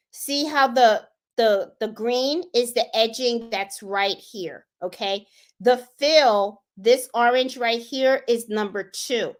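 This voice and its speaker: A woman hosting a live embroidery tutorial, chatting casually and thinking aloud as she clicks through design software. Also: a little high. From Puerto Rico. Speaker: sewing and embroidery channel host.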